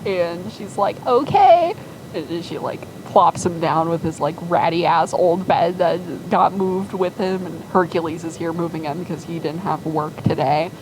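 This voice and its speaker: A woman's voice: on the low side, little pitch movement, moderate pace, hardly any pauses, background noise. A woman casually telling a made-up story in a rambling way, with lots of fillers.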